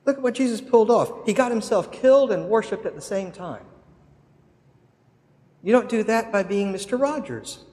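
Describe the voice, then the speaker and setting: A man's voice: sits high, lively intonation, moderate pace, a little mellow, big-room sound. A man preaching a sermon, telling a story dramatically. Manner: dramatic storytelling with acted quotes. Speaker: pastor.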